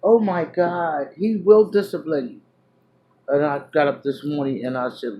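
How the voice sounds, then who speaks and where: A woman vlogger telling a personal story to her viewers, loud one moment and hushed the next, full of fillers and restarts. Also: low voice, unhurried, rough recording. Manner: animated, drifts between loud exclamations and hushed asides; chatty, many fillers and restarts.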